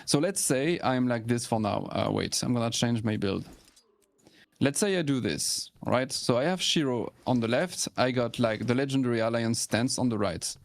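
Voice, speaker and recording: A man's voice: mid-range voice, moderate pace, vocal fry, no room sound. A man chatting casually while playing an online game, enthusiastic and full of fillers and restarts. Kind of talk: casual gaming chat.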